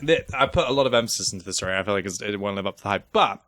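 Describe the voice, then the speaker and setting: A man's voice: on the low side, animated, very fast, fairly bright tone, no room sound. A young man co-hosting a casual chat, rambling through a story with restarts and fillers. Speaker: podcast co-host.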